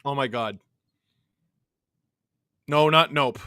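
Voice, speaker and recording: A man from Canada hosting a live hockey watch-along, mixing excited play-by-play with reading chat messages and shouting on big plays. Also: medium pitch, slow pace, smooth, dry recording, studio quality. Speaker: livestream host watching a hockey game.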